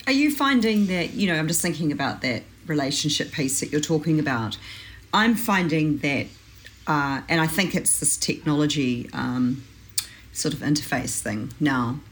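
Low-voiced chatty mother hosting. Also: moderate pace, a little hiss or hum, poor audio. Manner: chatty, animated when mimicking others. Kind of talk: casual conversation.

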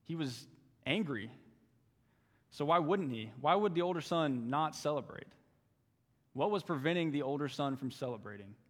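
A man's voice: fairly high pitch, expressive, normal speed, pauses often, big-room sound. A young man giving a sermon as a youth intern, earnest and fond of repeating phrases for emphasis. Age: young adult. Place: church sanctuary.

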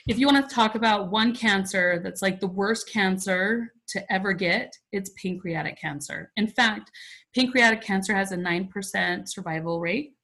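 A woman's voice: mid-range voice, moderate pace, fairly bright tone, rough recording. A woman in her forties, a podcast guest, telling a personal story in a chatty, emotional way with many "like" fillers. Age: 40s.

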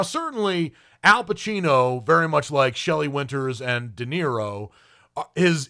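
A man's voice: a little high, a bit bright. A man giving an opinionated spoken film review as a critic, with frequent ums and restarts.

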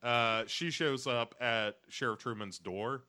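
Bright-voiced rambling male podcast host. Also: medium pitch, slow pace. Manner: rambling, jokey, slips into silly voices. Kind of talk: casual comedic recap chat.

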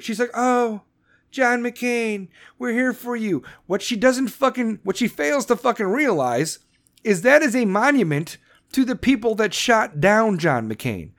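Angry, foul-mouthed male podcast host. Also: very high voice. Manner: angry, swearing constantly, shouting bursts. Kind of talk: profane political rant and ad read.

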